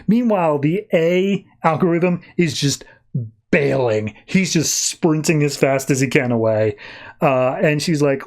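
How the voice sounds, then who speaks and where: A man on a podcast retelling a comic book issue in a casual, animated way, briefly slipping into the characters' lines. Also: on the high side. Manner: animated retelling with quick quoted voices. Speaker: podcast host.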